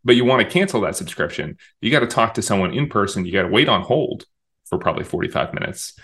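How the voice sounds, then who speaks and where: A man's voice: lowish voice, animated, fast, fairly bright tone. A man in an interview explaining his views in a talkative, emphatic way, often restarting his sentences. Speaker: interview guest, communications director. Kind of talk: conversational interview.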